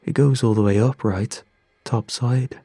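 A man voicing a frightened crew member whose voice comes out tight and strained, a little higher than his usual narration. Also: fairly even intonation, measured pace, warm tone, husky, no room sound. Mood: anxious. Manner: strained, nervous. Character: scared young man on a mining crew, tense, voice tight and higher.

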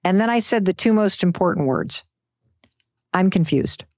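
A woman's voice: fairly low pitch, animated, moderate pace, a little mellow, no room sound, clean studio sound. A middle-aged woman giving a motivational talk, emphatic and conversational, sometimes dropping into a whisper for effect. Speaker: motivational speaker.

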